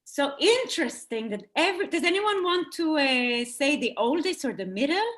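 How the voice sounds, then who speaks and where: A woman telling a children's story to an audience on a video call, expressive and engaging. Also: high-pitched, normal speed.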